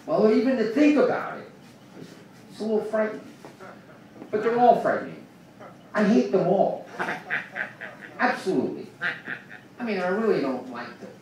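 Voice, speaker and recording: A high-voiced comedian with a darkish tone delivers an animated, rambling open-mic set at normal speed, pausing often. He veers from mumbling to ranting, and the small club sounds echoey and noisy from where he was recorded, far off.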